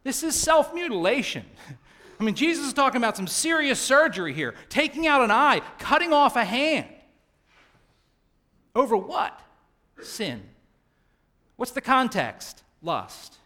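A middle-aged man preaching a sermon as pastor, animated and swinging down to quiet tones for emphasis. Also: very high voice, measured pace, long pauses.

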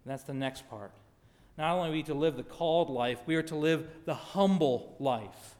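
A middle-aged man preaching a sermon, reading scripture emphatically and dropping to quiet asides. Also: on the high side, normal speed. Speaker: pastor. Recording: long hall reverb.

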